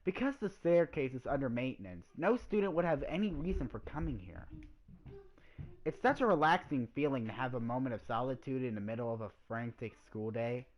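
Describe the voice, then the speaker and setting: A woman's voice: rumbling low, expressive, fairly quick, highs cut off, a little hiss or hum. A woman hosting a let's play, reading a visual novel aloud with chatty asides.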